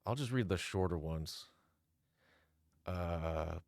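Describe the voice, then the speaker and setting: A man's voice: sits low, lively intonation, measured pace, long pauses, dry recording, studio quality. A man giving casual reaction commentary, reading messages aloud in a sarcastic, mocking, exasperated way.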